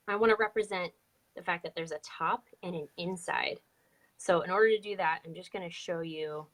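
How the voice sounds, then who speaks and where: A woman's voice: fairly low pitch, fairly bright tone. A woman teaching a live online drawing lesson, chatty and upbeat as she explains each step. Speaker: drawing instructor.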